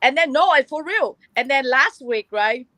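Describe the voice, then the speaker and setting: A woman guest in casual chat, talking in halting, filler-heavy broken English. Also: sits high, lively intonation, pushed and bright, no room sound, rough recording.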